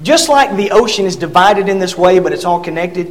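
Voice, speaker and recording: Preacher, man, high voice, earnest and halting with fillers, recorded in a reverberant hall. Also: lively intonation. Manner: earnest, fillers and repeated words, reads scripture aloud. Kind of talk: sermon.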